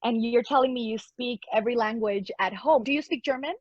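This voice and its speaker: A woman's voice: fairly high pitch, a little fast, a little mellow, no room sound. A woman guest in a casual interview, talking in an effusive, upbeat way and laughing often. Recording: dull lo-fi dry sound.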